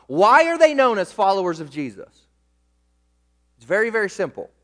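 A young man preaching a sermon as pastor, animated and emphatic, repeating words for weight. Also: high-pitched, normal speed. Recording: echoey hall reverb.

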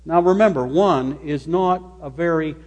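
High-voiced pastor preaching in a reverberant hall. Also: male voice, a little mellow. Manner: slow, emphatic preaching, stressing single words. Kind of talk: sermon. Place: church sanctuary.

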